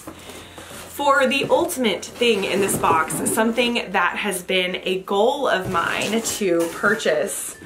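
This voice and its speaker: A woman vlogger unboxing a haul, gushing with excitement and breaking into gasps and exclamations. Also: medium pitch, takes it slowly, background noise.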